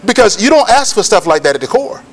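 A man preaching a sermon with emphatic, repetitive cadences that build to shouts. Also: high voice, sing-song, fast talker.

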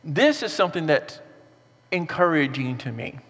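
A pastor preaching a sermon in an earnest, animated way, with rhetorical questions and repeated phrases. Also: male voice, on the high side, moderate pace, creaky, slightly rough, in a large hall.

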